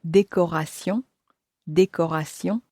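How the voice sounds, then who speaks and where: A French-accented woman models words for a language lesson, saying each one twice with great care. She speaks very slowly in a fairly low voice. The sound is dry and close, with no echo. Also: warm tone. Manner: slow, careful repetition of each word. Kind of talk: scripted pronunciation model.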